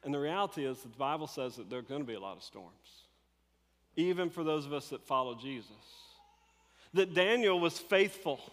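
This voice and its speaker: A man preaching a sermon, telling a Bible story in an animated, conversational way and acting out the characters. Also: high-pitched, in a large hall. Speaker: pastor.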